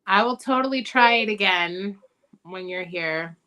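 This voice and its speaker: A woman's voice: mid-range voice, measured pace, bright, forceful tone. A woman hosting a casual chat, playful and teasing. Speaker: host.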